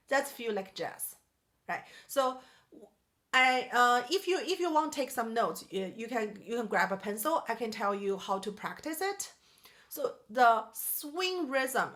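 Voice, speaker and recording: Slow, bright-voiced woman teaching piano. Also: on the high side. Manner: explains in short phrases and sings rhythm syllables. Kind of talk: jazz piano lesson. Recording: piano playing behind.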